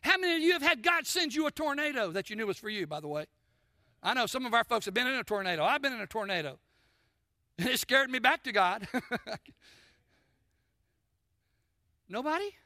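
A man preaching a sermon to a congregation, asking them questions and swinging between forceful emphasis and soft, quiet lines. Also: very high-pitched, animated, moderate pace, pauses often, no echo, studio quality. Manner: addresses congregation with call-and-response questions. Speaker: pastor. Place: church sanctuary.

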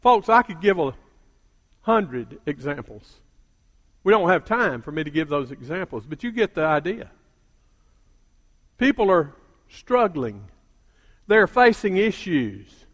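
An older man preaching a sermon as a pastor, calling out to the congregation and building to emphatic shouts. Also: fairly high pitch, very animated, a little slow, pauses often. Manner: call-and-response preaching, rising to emphatic shouts. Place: church sanctuary. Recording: long reverb of a church hall.

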